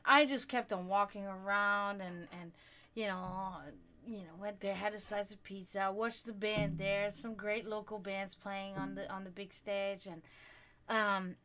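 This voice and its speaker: Casual woman streamer just talking to chat, cusses a lot, gets animated telling stories, middle-pitched voice. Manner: chatty, swearing freely, animated storytelling. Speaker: livestream host.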